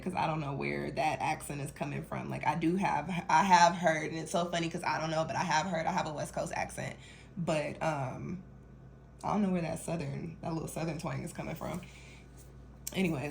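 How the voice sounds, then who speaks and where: A woman's voice: deep voice, creaky, slight background noise. A young woman from Denver giving a chatty, rambling tarot reading, laughing often. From Denver, Colorado. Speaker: tarot reader. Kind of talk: casual tarot reading monologue.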